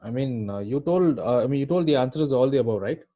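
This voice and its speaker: A man's voice: mid-range voice, lively intonation, fast, muffled recording. A man, a student asking questions in class, hesitant and full of fillers.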